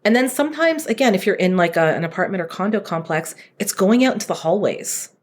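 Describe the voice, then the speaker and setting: A woman guest talking about dog training in casual chat, explaining patiently with animated asides and laughs. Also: medium pitch, fast.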